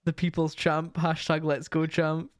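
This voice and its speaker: A young man telling gig stories in casual chat, animated and full of swearing. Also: fairly high pitch, a little slow, dry recording, studio quality.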